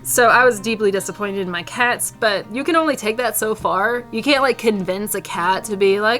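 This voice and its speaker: A woman vlogger telling a comic story to camera in an animated, theatrical, playfully indignant way. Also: mid-range voice, normal speed, few pauses, faint music behind.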